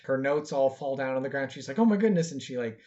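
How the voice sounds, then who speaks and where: A man's voice: medium pitch, little pitch movement, fast talker, darkish tone. Hesitant man narrating his game character. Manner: hesitant, many fillers. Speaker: tabletop role-play player. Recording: dull lo-fi recording.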